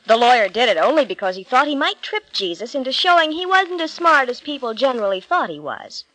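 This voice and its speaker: A woman narrating a Bible story with clear, measured storytelling. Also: sits high, very animated, a bit bright, no echo, poor audio.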